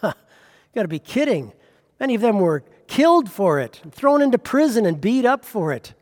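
A man's voice: sits high, long reverb tail. A man preaching a sermon as pastor, pressing with rhetorical questions.

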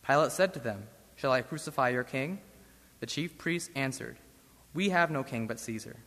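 A man reading a Bible passage aloud in church with a measured, solemn delivery. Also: mid-range voice, animated, a bit bright. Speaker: scripture reader. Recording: long church reverb.

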